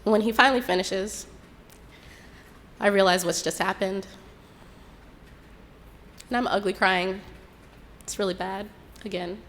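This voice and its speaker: A young woman telling a personal story in an unhurried, reflective way, acting out what others said. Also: medium pitch, steady tone, fairly bright tone, a little hiss or hum. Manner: unhurried, reflective retelling with quoted dialogue.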